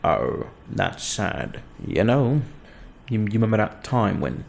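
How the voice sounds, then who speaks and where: A young man riffs through a loose comedic monologue at home, swearing freely and poking fun at himself. His voice sits low and gravelly, and it swings up and down in a lively way as he rambles. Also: slow, slight background noise. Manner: crude, self-mocking, rambling. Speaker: host of a home web show. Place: living room at home.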